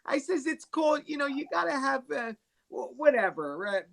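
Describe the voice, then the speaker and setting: A man's voice: extremely high pitch, very animated, normal speed, creaky, a bit bright. A man hosting a casual livestream chat, talking in a rambling, chatty way. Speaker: live stream host.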